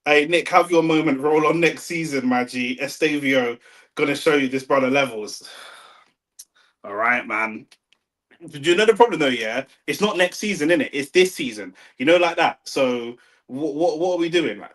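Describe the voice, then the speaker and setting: A young man with a London accent, talking slangy and excitable over a live football match and arguing with his chat. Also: a little high, normal speed. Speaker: watch-along streamer. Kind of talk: live football watch-along commentary.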